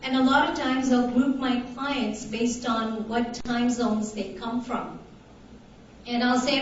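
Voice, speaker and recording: A woman speaks at a conference in a slow, hesitant way, leaning on fillers as she goes. Her voice sits a little high. The sound is distant and muffled, ringing in a large echoey hall. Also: steady tone, a little hiss or hum. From Tanzania, raised in Canada. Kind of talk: conference talk.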